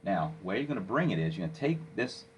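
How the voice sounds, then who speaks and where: Deep-voiced man teaching software. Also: big pitch swings, fast talker, slight background noise, rough recording. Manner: plain, step-by-step, coaching with "okay?". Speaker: software instructor. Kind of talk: screen-recorded software tutorial.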